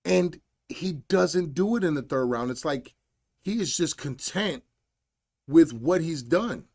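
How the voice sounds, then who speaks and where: A man hosting a solo podcast, telling a coaching story in a blunt, animated, slangy way. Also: fairly high pitch, takes it slowly. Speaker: podcast host and fight coach.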